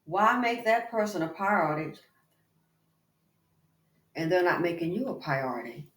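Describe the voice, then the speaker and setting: A woman hosts a casual commentary channel while exercising indoors, speaking in a chatty, animated, emphatic manner and calling the viewer "girl" and "baby." Her voice is on the low side with a measured pace, and the room sounds echoey.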